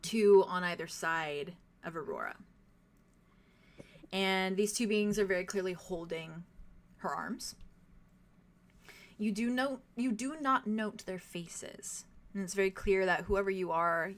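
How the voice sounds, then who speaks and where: A woman's voice: lowish voice, measured pace. A young woman narrating a tabletop game as game master, descriptive and full of fillers. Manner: descriptive, many fillers like "like" and "kind of".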